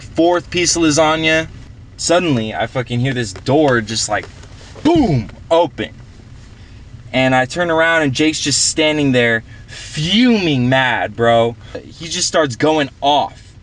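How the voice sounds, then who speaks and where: A man's voice: mid-range voice, slight background noise, close to an everyday voice. A man playing a rambling young party guy. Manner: rambling, profane, slangy, many fillers. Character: young male party-goer, rambling storyteller. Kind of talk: casual film dialogue.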